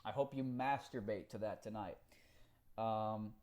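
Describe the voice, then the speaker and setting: A man chatting on a live stream, reading out comments and talking in an animated, profane way with frequent laughs. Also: on the high side, normal speed. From Cuba.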